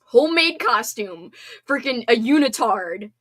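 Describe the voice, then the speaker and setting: A woman's voice: on the high side, animated, a little slow, fairly bright tone. A woman in her thirties hosting a casual livestream, chatting in a bubbly, talkative way with lots of fillers. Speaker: livestream host reading chat. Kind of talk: casual chat.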